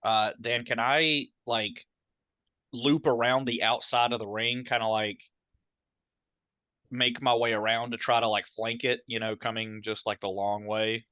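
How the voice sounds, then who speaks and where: A man playing a tabletop game who talks hesitantly, filling his sentences with "like" and restarts. His voice has a bright, forward edge. The recording sounds dry and muffled, as if from a lo-fi mic. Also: mid-range voice, flat delivery, unhurried, no echo. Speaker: player. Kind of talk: casual tabletop game chat.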